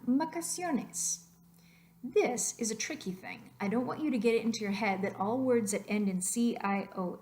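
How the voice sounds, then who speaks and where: A Spanish teacher narrates a slideshow lesson in a medium-pitched, darkish voice. She explains patiently and says example words aloud to model where their stress falls.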